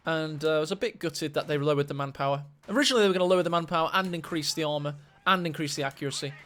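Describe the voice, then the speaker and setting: A man casting a strategy game match, excitable and quick to gasp at big plays. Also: a little high. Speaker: esports caster. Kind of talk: live game commentary.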